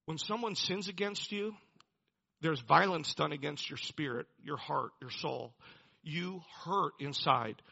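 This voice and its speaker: A man's voice: on the high side, measured pace, creaky, bright, forceful tone, slightly rough, highs cut off. A man preaching a sermon, telling a personal story in an earnest way and building to emphatic preaching. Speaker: pastor.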